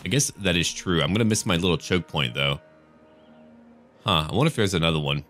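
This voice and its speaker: An American man giving relaxed, jokey commentary over a strategy game as he plays, chatty and swearing casually. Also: low voice, fairly quick. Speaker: gaming let's-play host.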